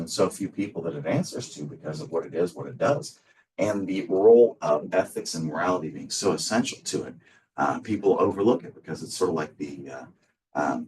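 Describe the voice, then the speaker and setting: This instructor, a man with a low voice and a slightly mellow quality, lectures in a meandering style, often saying "um" and starting over. He's recorded from some distance, and the result sounds like an informal, rough classroom capture.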